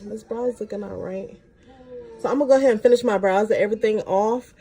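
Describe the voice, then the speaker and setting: This young woman is a beauty vlogger recounting an easygoing story as she puts on makeup. She talks fast and slangy, her pitch spiking when she's excited, with noise in the background.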